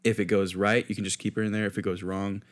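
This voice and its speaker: A man's voice: fairly low pitch, little pitch movement, fast. A man co-hosting a podcast, talking loosely with many restarts and fillers. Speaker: podcast co-host. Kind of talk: casual chat.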